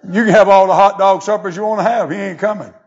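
A man's voice: high-pitched, steady tone, fast talker, vocal fry, darkish tone, husky. A man preaches in a folksy, down-home way, reading scripture in old-fashioned English. The recording is dull and lo-fi. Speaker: pastor. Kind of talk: sermon.

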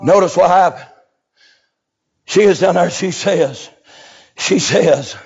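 A high-pitched, gravelly preacher in full revival cry, dropping to a low murmur and then rising into hoarse, sing-song shouts. His voice is husky and rough. The recording sounds dull and lo-fi. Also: slow pace, long pauses. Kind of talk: shouted Southern revival sermon.

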